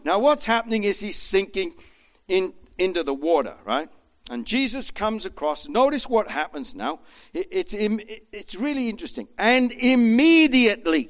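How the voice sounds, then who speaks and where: Guy preaching a sermon, kinda high voice that jumps all over, really animated. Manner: animated, acts out voices in quotes.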